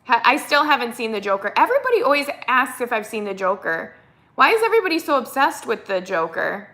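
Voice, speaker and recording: Very animated and fast, this woman's slightly high voice comes across pushed and bright. She's an American with a Minnesotan accent hosting a casual live stream, reading viewer comments aloud and answering them chattily.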